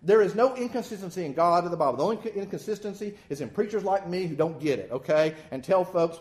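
A man preaching a sermon in a folksy, animated way with self-deprecating humor. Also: sits high, fast.

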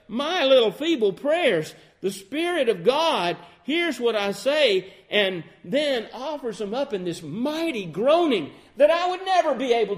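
A man preaching a sermon, earnest and emphatic, reading scripture in a measured cadence and easing into soft reflection. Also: extremely high pitch. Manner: earnest, rising to emphatic peaks then quieting to soft reflection; quotes King James scripture in measured cadence.

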